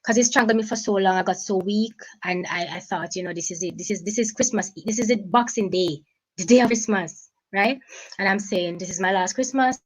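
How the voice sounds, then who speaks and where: A woman with a Jamaican accent, a guest giving an emotional personal account in halting speech, often repeating and restarting her phrases. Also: mid-range voice, low-quality recording.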